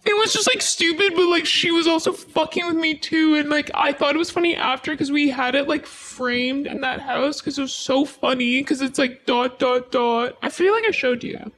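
High-voiced woman rambling through a story. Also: moderate pace, hardly any pauses, a bit bright. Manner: rambling, peppered with "like" and swearing. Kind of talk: casual personal storytelling.

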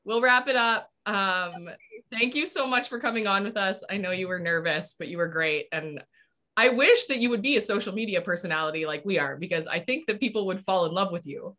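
A woman's voice: mid-range voice, fairly quick, bright, forceful tone. A woman hosting a podcast, upbeat and encouraging, laughing along with her guest. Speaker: podcast host. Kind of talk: casual interview chat.

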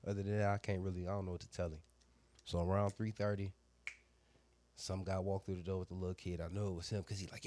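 A man, a barber, casually telling a crude story with lots of slang and voiced quotes, animated and loud at times. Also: low voice.

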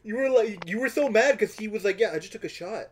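A man on a podcast telling a party story in an animated way, laughing and acting out other people's lines. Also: high-pitched, fast. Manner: animated, laughing, acts out quoted voices. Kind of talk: casual storytelling chat.

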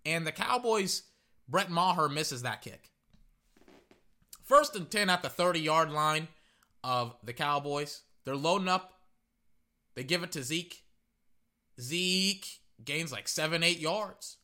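Brief: man, fan commentator, high lively voice, sharp bright tone, rambling live game reactions. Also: slow, long pauses. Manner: excitable, rambling, repeats words.

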